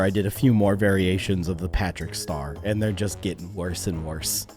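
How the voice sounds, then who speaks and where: A man doing casual reaction commentary as a YouTuber, animated, laughing and easily shocked, on a close desk mic. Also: mid-range voice.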